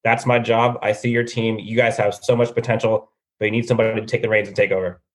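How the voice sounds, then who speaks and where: A man's voice: fairly low pitch, little pitch movement, fast, natural voice. A man playing a blunt, stern male football coach candidate in a comedic mock job interview. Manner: blunt, no-nonsense.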